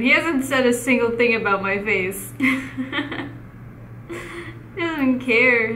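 A woman's voice: high-pitched, pushed and bright. A woman giving playful, teasing commentary over her gameplay, laughing often. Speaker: gaming YouTuber. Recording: echoey room.

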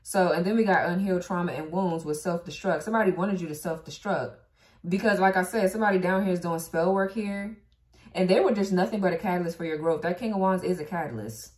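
A blunt, foul-mouthed woman runs through a tarot reading in a casual, talky way. Her voice sits on the low side, and the room gives it a noticeable echo. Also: quick pace, darkish tone. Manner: blunt and profane, laughing, talking back to the cards. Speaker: tarot reader.

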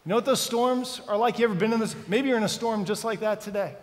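A man's voice: sits high, fast talker, hardly any pauses. A man preaching a sermon as pastor, dramatic and full of questions to the congregation. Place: church sanctuary. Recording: church hall reverb.

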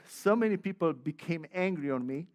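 A man's voice: on the high side, lively intonation, a little slow. A man preaching a sermon as a pastor. He talks with heavy emphasis and repetition, often restarting his sentences, and mixes in personal asides with light laughter.

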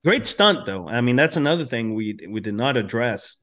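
Laid-back male host, mid-pitched voice, casual and swearing. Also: normal speed. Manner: relaxed, profane, enthusiastic about film. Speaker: podcast host. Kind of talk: casual podcast chat.

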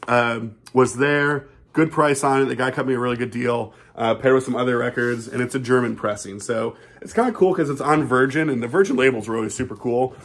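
A man with a husky voice, hosting a casual, laid-back chat about records he found. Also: mid-range voice, fairly bright tone. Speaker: channel host, record collector.

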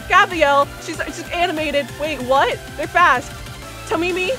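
A woman's voice: very high voice, moderate pace, pushed and bright, soft background music. A woman reacting live to a stream, squealing, rambling and repeating herself.

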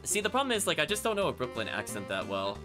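A man's voice: mid-range voice, very animated, fast talker. Musing man streaming a game. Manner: musing, self-conscious, frequent restarts and laughs. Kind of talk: casual let's-play commentary. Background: game music.

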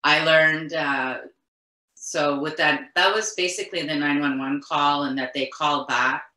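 In an echoey room, a middle-aged woman from Quebec, guest in an interview and mother of the deceased, tells what happened with emotion. Her low voice holds a steady tone and measured pace, bright and forceful; she is earnest and insistent, repeatedly looping back and starting her sentences over.

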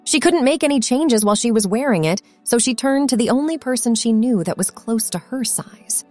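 A woman narrating a scripted story in an expressive reading voice. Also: fairly high pitch, moderate pace. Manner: expressive, acts out the characters' lines. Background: faint background music.

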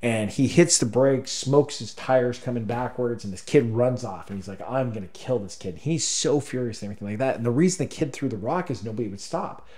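A man's voice: medium pitch, a little mellow. Choked-up man telling a story. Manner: emotional storytelling, choked up, halting restarts. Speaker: podcast co-host. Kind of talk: casual conversation.

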